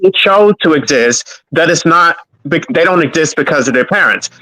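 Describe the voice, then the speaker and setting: Man, pointed questioner, bright tense voice, dry close sound. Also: on the high side, expressive, moderate pace, no room sound, poor audio. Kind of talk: casual live panel discussion.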